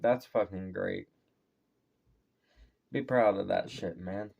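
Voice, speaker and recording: A relaxed man in his thirties chats through a reaction video in a low voice. It has a worn, tired edge from a long shift of taking orders. He curses casually and laughs along as he goes. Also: slow, vocal fry, muffled recording, background noise. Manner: laid-back, swears a lot, laughs often. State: tired voice from talking at work.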